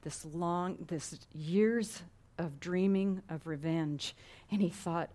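Mellow-voiced woman preaching a sermon. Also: fairly low pitch, slow pace. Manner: conversational preaching, grows loud and animated when retelling stories.

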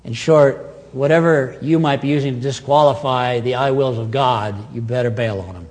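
A man preaching a sermon as pastor, with dramatic swings between loud and soft and quick and slow. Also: medium pitch, big-room sound. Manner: animated preaching with dramatic swings in loudness and pace.

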